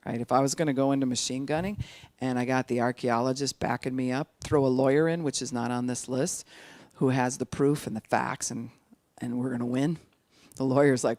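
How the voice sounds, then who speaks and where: An older speaker at an addiction recovery outreach gives an informal teaching talk, animated and sometimes slowing right down to make a point. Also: mid-range voice, no echo. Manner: animated, acts out quoted voices, sometimes slows speech right down to demonstrate.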